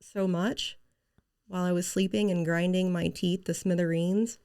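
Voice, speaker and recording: A woman's voice: fairly low pitch, fairly even intonation, normal speed, a little mellow, clean tone. A woman guest in a casual conversational interview, speaking with a slight lisp, earnest and candid.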